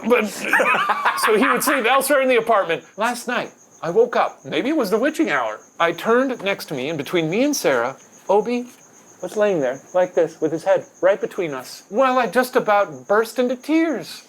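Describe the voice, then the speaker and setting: A man co-hosting a casual show, telling ghost stories with dry, deadpan jokes. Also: high voice, moderate pace. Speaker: co-host.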